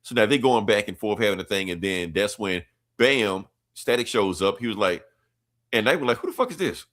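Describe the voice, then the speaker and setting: Podcast host, young man, lowish voice, loose slangy recap with swearing. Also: normal speed, a bit bright. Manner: rambling, slangy, profane, offhand. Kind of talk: casual comic recap.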